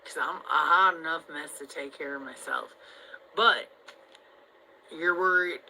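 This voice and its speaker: Sharp-voiced woman venting, profane and rambling. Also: low voice, animated, a little slow, a little hiss or hum, poor audio. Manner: rambling, heavily profane, swings between loud outbursts and mutters. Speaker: vlogger addressing viewers. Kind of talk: casual venting monologue.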